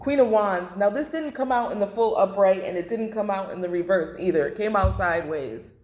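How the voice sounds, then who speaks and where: A woman's voice: medium pitch, fairly quick, a little mellow. A woman doing a blunt, emotional tarot reading to camera, repeating phrases and swearing. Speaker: tarot reader. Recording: echoey room.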